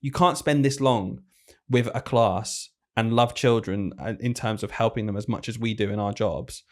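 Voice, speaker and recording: Male teacher, casual podcast co-host, animated storyteller. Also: fairly low pitch. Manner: chatty, animated storytelling with quick self-corrections.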